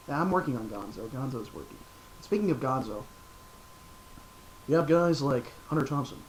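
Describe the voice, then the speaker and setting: A young man chatting casually to his viewers in a relaxed, rambling way. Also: medium pitch, moderate pace, pauses often, background noise. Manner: relaxed, rambling, lots of fillers. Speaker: vlogger. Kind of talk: casual chat.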